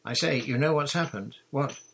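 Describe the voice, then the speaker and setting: A man's voice: medium pitch, creaky, fairly bright tone, a little hiss or hum, voice pushed up. A man reading a storybook, voicing a bold, bossy girl who leads her friends like a pirate captain. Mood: excited. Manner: commanding, brisk, dramatic.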